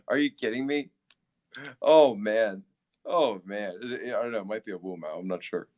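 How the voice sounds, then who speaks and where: A man's voice: lowish voice, animated, normal speed. A man from Philadelphia hosting a casual livestream, answering his chat, laughing often and repeating himself. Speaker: livestream host.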